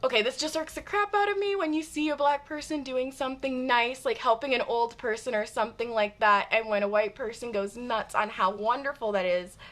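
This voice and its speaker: A woman's voice: fairly high pitch, a little fast, few pauses, a bit bright. A woman from Michigan with a general Michigan accent, chatting bluntly and emphatically with her viewers and swearing freely. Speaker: streamer. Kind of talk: casual chat with viewers.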